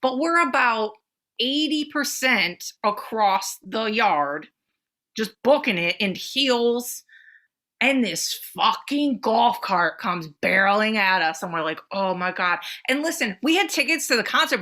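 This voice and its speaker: A woman co-hosting a podcast, telling a story in casual chat, animated and swearing freely, acting out the people in it. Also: mid-range voice, measured pace. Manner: animated, swearing, acts out voices in anecdotes. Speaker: podcast co-host.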